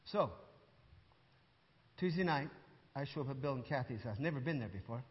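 An older man preaches to a congregation, telling his story with animated back-and-forth dialogue and playful asides. His voice sits fairly high for a man. The sound is muffled and rings with a long church reverb. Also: a little fast. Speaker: pastor. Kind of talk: storytelling sermon. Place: church hall with audience.

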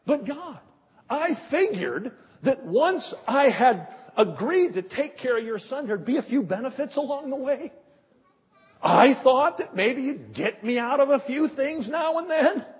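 Exasperated father pleading with God, put on by a male preacher, husky, sarcastic, high and swinging, dull echoey hall sound. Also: very animated, measured pace, exaggerated voice. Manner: indignant, sarcastic complaining.

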